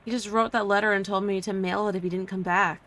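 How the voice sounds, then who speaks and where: A woman's voice: mid-range voice, steady tone, quick pace, a bit bright, close to an everyday voice. A woman voicing a friendly young antique shop clerk who talks in a chatty, slangy, casual way.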